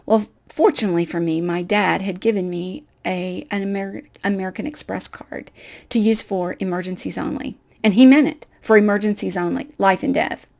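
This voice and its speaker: Middle-aged woman, personal testimony, animated, self-deprecating, acts out voices. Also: medium pitch, moderate pace, creaky. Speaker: speaker.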